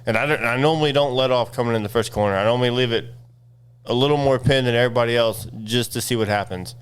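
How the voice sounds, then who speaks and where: A man's voice: mid-range voice, quick pace, a little hiss or hum. A man who races motocross, chatting casually and boasting with joking banter on a podcast. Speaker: podcast co-host and racer. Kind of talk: casual chat.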